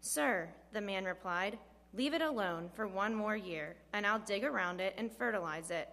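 A woman reading scripture aloud at a church service in a measured, steady way. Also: mid-range voice. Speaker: scripture reader. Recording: long hall reverb.

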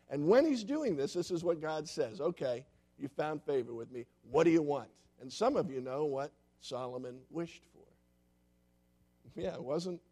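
A male pastor delivers a sermon in a somewhat high voice. He tells stories and acts out the characters with animated quoted lines. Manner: storytelling with lively quoted voices.

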